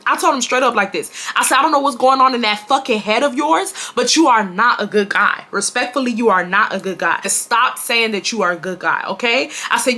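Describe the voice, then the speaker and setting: A woman in her twenties from Houston, telling a storytime to her viewers in a casual, animated way and acting out the quoted dialogue. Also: a little high. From Houston, Texas. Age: 20s. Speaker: storytime vlogger.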